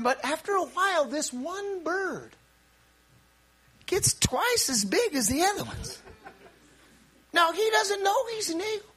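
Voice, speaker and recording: Male preacher, sermon delivery; high pitch, wide swings, emphatic shouted peaks. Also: unhurried, long pauses. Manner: animated, repeats words, bursts into shouts.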